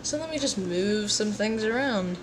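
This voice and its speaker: In her home kitchen, a young woman who sounds tired livestreams while she cooks, chatting casually and playfully with viewers and slipping into sing-song asides. Her mid-range voice has lively intonation and moves at a moderate pace. The recording is very noisy, with clear kitchen clatter behind.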